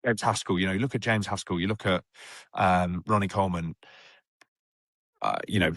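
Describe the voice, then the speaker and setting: A man's voice: low-pitched, fairly even intonation, normal speed, a bit bright, dry recording, studio quality. A young man, a guest on a rehab talk show, telling a story in a chatty way with many restarts. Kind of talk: casual storytelling chat.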